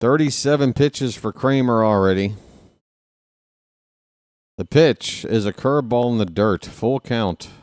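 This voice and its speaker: A man streaming casual live baseball play-by-play, chatting with viewers and reading out their names between pitches. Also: measured pace, pauses often, a little mellow, dry recording. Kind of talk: live play-by-play with chat shout-outs.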